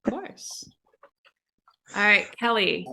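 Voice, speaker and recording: A woman's voice: mid-range voice, animated, slow, gravelly, bright, forceful tone. A woman hosting a live improv storytelling session, cueing each author in turn with brief encouraging remarks. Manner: brief encouraging interjections between turns.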